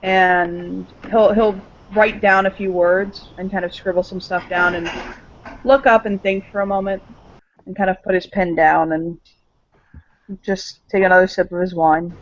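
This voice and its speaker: A woman playing a tabletop game, describing her character in slow, detailed narration. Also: fairly low pitch, steady tone, a little hiss or hum. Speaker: player. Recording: muffled lo-fi recording.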